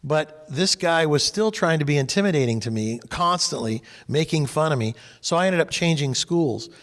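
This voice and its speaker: Animated storytelling man, reverberant room. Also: on the high side, normal speed. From California. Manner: animated, acts out quoted people. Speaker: group discussion leader. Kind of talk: personal storytelling in a faith discussion.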